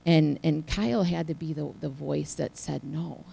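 A woman telling a heartfelt personal testimony to a church congregation, her delivery swinging from hushed to loud. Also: sits low, normal speed, gravelly, poor audio. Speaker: church speaker sharing a testimony.

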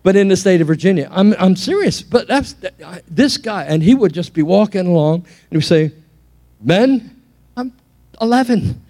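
Warm-voiced man preaching a sermon. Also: sits high, a little fast, hardly any pauses. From England. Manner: animated preaching with storytelling and repeated restarts. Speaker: pastor. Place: church.

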